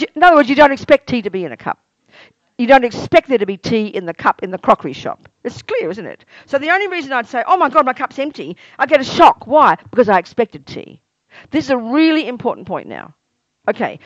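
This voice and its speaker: Animated woman teaching Buddhist ideas. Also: a little high, no echo, muffled recording. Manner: lively, asks many rhetorical questions; acts out everyday exclamations. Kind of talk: teaching a meditation course.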